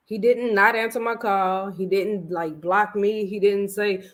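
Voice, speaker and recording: A woman hosting a casual chat about a reality show, talking candidly and telling her own story with slangy, animated detail. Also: mid-range voice, moderate pace. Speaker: podcast host.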